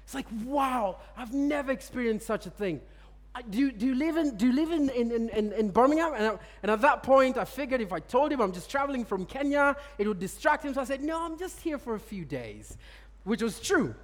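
A man's voice: very high-pitched, animated, a little fast. A man preaching a sermon and telling personal stories. He chuckles often and repeats words as he tells them. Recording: long reverb of a large hall.

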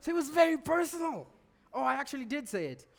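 A man giving a sermon, telling stories with lively restarts and laughter. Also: extremely high pitch, fast, gravelly. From Kenya. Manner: animated storytelling, stammered restarts, bursts of laughter. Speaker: preacher.

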